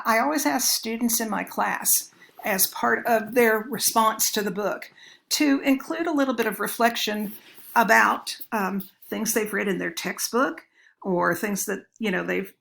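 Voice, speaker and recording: Middle-aged woman lecturer, warm storytelling manner, some vocal fry. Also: mid-range voice. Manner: chatty, anecdotal, addresses listeners as folks. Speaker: children's literature professor. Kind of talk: recorded lecture.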